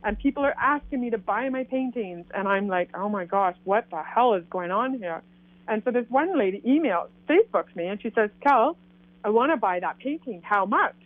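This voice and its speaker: A woman's voice: medium pitch, no room sound. Woman telling her story over a phone line. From Canada. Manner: animated, acts out quoted dialogue. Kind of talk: casual storytelling. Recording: tinny phone line, dry.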